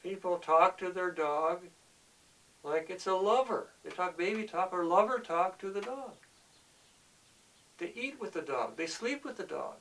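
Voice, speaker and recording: A man's voice: high voice, lively intonation, a little slow, a bit bright, far from the mic, slight background noise, rough recording. A man delivering an earnest, preachy monologue, often repeating himself as he presses his point. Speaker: speaker of the show.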